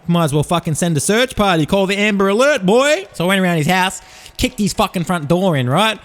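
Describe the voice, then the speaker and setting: Aussie guy hosting a podcast, spinning crude tall tales, kinda high-pitched voice. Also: animated, a little fast. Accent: Australian. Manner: crude, profane, tall-tale storytelling. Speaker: podcast host. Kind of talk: comedic rambling monologue.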